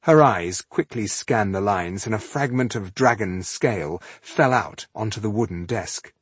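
A man narrating an audiobook in a measured, expressive storytelling style. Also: on the low side, breathy edge, dry recording. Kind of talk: scripted narration.

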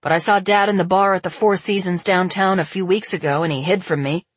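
A woman's voice: lowish voice, fast talker, breathy edge, no echo. A woman voicing a blunt young man who speaks matter-of-factly, as an audiobook reader. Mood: offhand. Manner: matter-of-fact, offhand. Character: blunt, careless older brother, young man.

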